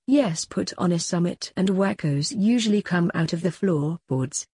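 A woman reading the part of an eager young male superhero in a storybook, quick to suggest plans. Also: high-pitched, animated, darkish tone, husky, no echo, studio quality, full character voice.

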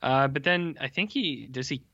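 A man with a bright, forceful voice talks casually on a podcast and makes dry, joking asides. His mic sounds dull and lo-fi. The room adds almost no echo. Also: mid-range voice, lively intonation, normal speed. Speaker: podcast co-host. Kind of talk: casual chat.

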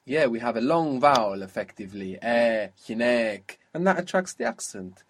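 A man's voice: mid-range voice, sing-song, a little fast, breathy edge. A man teaching an Arabic lesson, patiently quizzing a student and modelling how words are pronounced. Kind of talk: spoken language lesson.

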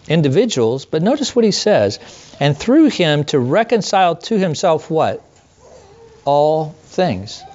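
Earnest pastor preaching, slightly high voice. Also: male voice, darkish tone, muffled recording. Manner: conversational, earnest preaching with rhetorical questions. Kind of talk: sermon.

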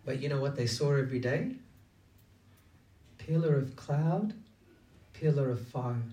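A man with a mid-range, dark-toned voice preaches unhurriedly in a conversational sermon, engaging his listeners with many rhetorical questions. The recording is muffled, made in an echoey room with him far from the mic.

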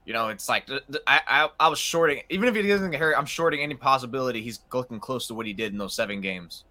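A man's voice: mid-range voice, animated, sharp tone. A young man co-hosting a casual sports talk show, talking loosely with lots of fillers. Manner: rapid, casual, many fillers. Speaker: podcast co-host.

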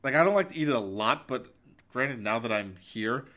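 A man's voice: medium pitch, animated, fairly quick, fairly bright tone. A young man co-hosting a podcast in casual chat, laid-back and explaining himself. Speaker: podcast co-host.

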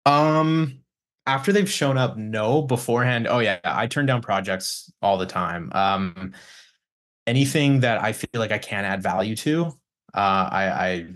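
Unhurried and lowish but fairly bright in tone, a guest recording engineer chats on a podcast. He tells studio stories in a rambling way, full of restarts and swearing, and does impressions of his clients.

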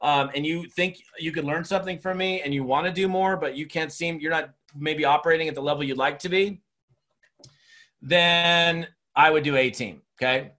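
A middle-aged man, a speaker and trainer, giving an energetic, rambling motivational talk with many restarts. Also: a little high, moderate pace. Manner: energetic, rambling, repeats himself.

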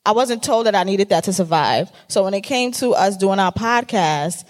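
A woman's voice: mid-range voice, animated, moderate pace. Blunt, candid woman podcast host. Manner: candid and emphatic, casual swearing. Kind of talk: casual panel discussion.

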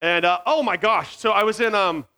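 Speaking through a headset mic at a youth camp, this forties-aged Virginian with no regional accent kids around with middle schoolers. He talks at a moderate pace in a high-pitched, pushed, bright voice, poking fun at himself and skipping between tangents in a scattered way.

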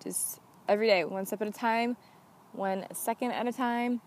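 On her solo podcast, a young female host chats in a relaxed, sincere way, leaning heavily on "like." Her somewhat high voice keeps a steady tone and a moderate pace.

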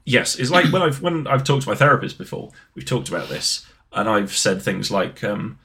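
A man's voice: lowish voice, very animated, moderate pace, gravelly, few pauses, sharp tone. A man with a British accent, co-hosting a podcast in casual chat, telling anxious, self-deprecating stories and swearing freely. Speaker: podcast co-host.

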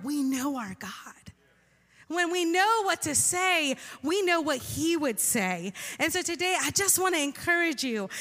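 Female preacher, emphatic sermon delivery with congregation call-outs, very high bright voice, long hall echo.

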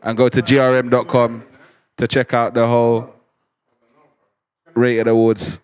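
A man's voice: mid-range voice, completely flat delivery, measured pace, a little mellow, clean tone. A man on a podcast, chatting casually and plugging an awards vote. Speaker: podcast co-host. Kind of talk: casual chat and plug.

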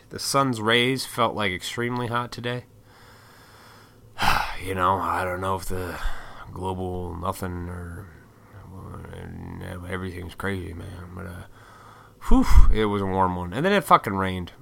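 A young man talks into a desk mic from a small home room, rambling loosely and swearing often. His voice sits on the low side but has a bright, forceful edge. He piles on fillers as he wanders from one thought to the next. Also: creaky. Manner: rambling and profane, with many fillers. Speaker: YouTuber and toy collector. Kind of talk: casual solo chat. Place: small hot home room full of electronics.

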